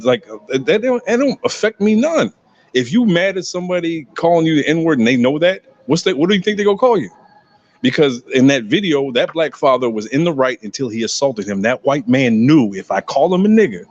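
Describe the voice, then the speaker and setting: A man on a casual podcast, telling stories with emphasis and blunt profanity, sometimes acting out other people's voices. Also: medium pitch. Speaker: podcast co-host. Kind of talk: casual podcast debate, storytelling. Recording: dull lo-fi sound.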